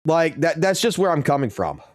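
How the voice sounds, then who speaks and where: A man's voice: on the high side, sing-song, a little fast, no room sound, studio quality. A man in his thirties or forties, a game streamer ranting profanely and with exasperation during a live broadcast.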